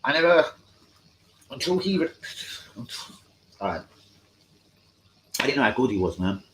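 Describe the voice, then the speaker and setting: A man hosting a live stream, rambling through football fan chat with heavy swearing and excitable outbursts. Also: mid-range voice, measured pace, a little hiss or hum, rough recording.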